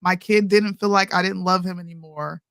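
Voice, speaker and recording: A woman's voice: on the low side, fairly even intonation, moderate pace, gravelly, a bit bright, no room sound, studio quality. A woman in her thirties co-hosting a casual chat show, talking emphatically and calling people "bro". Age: 30s. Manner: emphatic, says "bro" a lot. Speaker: podcast co-host.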